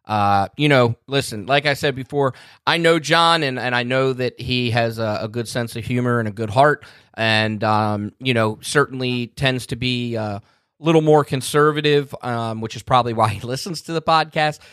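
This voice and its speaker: A relaxed man hosts a casual podcast conversation and often chuckles. His voice sits at a middle pitch. It is recorded close and dry, with no room sound. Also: moderate pace, smooth, no echo. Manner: easygoing, laid-back, laughs often. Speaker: podcast host.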